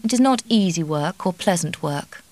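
A woman's voice: fairly low pitch, animated, normal speed, darkish tone, dry recording, lightly acted. A woman voicing a cold, curt husband. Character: reserved, cold male doctor husband.

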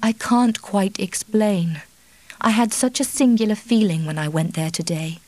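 A woman's voice: mid-range voice, measured pace, a little mellow, no echo, natural voice, poor audio. A woman reading the part of a remorseful, anxious young wife who speaks earnestly and pleadingly.

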